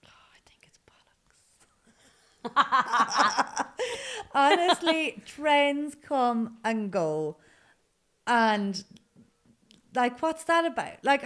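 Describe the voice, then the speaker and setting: A woman from Ireland with a Midlands Irish accent, chatting as a guest in her thirties, animated, laughing often and swearing casually. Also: fairly high pitch. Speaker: guest, food creator. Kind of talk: casual chat.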